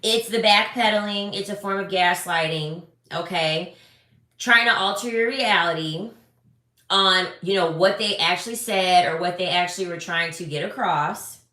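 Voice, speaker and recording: A young woman talks blunt and sassy, with a bright, forceful edge and a slightly low voice. She is recorded in a roomy, echoey space. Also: moderate pace. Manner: blunt, animated, sassy, swears freely. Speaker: relationship advice creator. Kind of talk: casual commentary to camera. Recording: echoey room.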